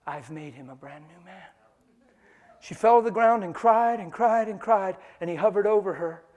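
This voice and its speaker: A man preaching a sermon, telling a personal story with animated delivery and frequent laughter. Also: high-pitched, normal speed, in a large hall, lo-fi sound.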